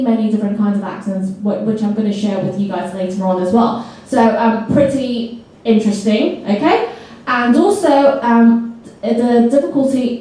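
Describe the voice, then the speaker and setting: A woman's voice: on the high side, warm tone. A woman presenting a training seminar to teachers. She keeps checking in with "okay?" and acts out how students react. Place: school hall or classroom. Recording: echoey room, voice from far off.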